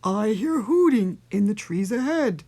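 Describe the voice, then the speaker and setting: A woman voicing a big, gullible male forest monster in a storybook read-aloud, booming and slow. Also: lively intonation, dark tone. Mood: gruff. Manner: booming, drawn-out delivery.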